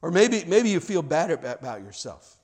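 High-voiced man preaching a sermon. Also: sing-song, moderate pace, darkish tone, slight background noise. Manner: conversational preacher with frequent restarts, acting out scenes. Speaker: pastor.

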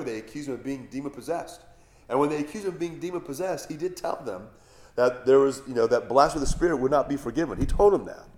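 A man's voice: mid-range voice, a little mellow. A middle-aged male pastor giving a sermon in a conversational way, with rhetorical questions and asides.

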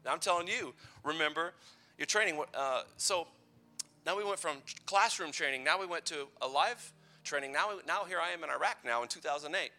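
A man's voice: fairly high pitch, lively intonation, a little fast, bright, forceful tone. A man in his thirties giving a playful, conversational youth sermon full of personal stories. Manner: playful, conversational, teasing asides. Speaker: youth pastor.

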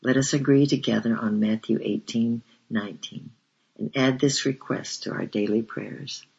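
A man playing a merry young woman missionary worker with a soft Southern US drawl, coaxing and gentle, in a slightly dull lo-fi recording. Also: mid-range voice, steady tone, moderate pace, vocal fry, breathy edge. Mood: earnest.

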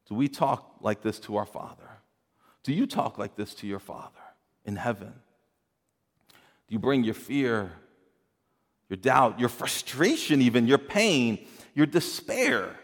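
A man preaching a sermon in an earnest way, moving from hushed, quiet passages to rising emphasis and often repeating his words. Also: mid-range voice, in a large hall. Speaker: pastor.

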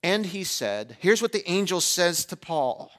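High-voiced animated male pastor. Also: measured pace. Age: 40s. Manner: animated, swings between loud and hushed. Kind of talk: sermon.

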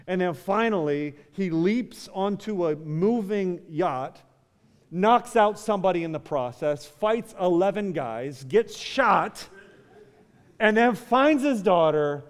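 A man with a high voice preaches to his church, taking his time between phrases. His sermon builds to fervent peaks as he calls out to the congregation. A long reverb hangs in the sanctuary around him. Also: expressive, takes it slowly, clean tone. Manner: rising to fervent climaxes, addresses the church directly. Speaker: pastor.

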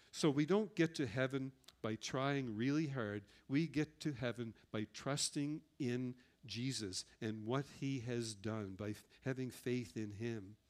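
Middle-aged guy giving a sermon, earnest, tells stories from his life, average pitch. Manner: earnest storytelling with personal anecdotes. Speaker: pastor.

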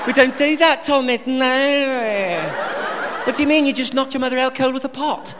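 A man voicing a prim, unflappable English female nanny with an English accent, scolding calmly, recorded live before a loud crowd. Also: very high voice, moderate pace, long reverb tail, noisy background, voice pushed up. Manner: calm, scolding, overly patient.

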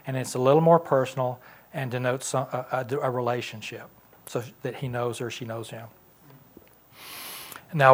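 A man teaching a Sunday school class in a church classroom, talking conversationally and asking the class questions. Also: mid-range voice.

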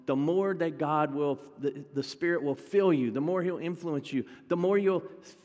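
A man's voice: a little high, moderate pace, darkish tone, in a large hall. A male pastor preaching a sermon in a conversational way, talking directly to his congregation.

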